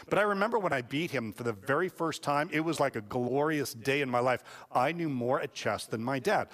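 A man's voice: medium pitch, a bit bright. A man preaching a sermon as a pastor, telling stories in a casual, joking way. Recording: long hall reverb.

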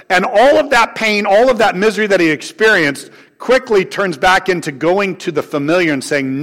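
A man preaching a sermon to his congregation, swinging between raised, emphatic lines and soft, low asides. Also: moderate pace, few pauses. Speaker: pastor. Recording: long hall reverb.

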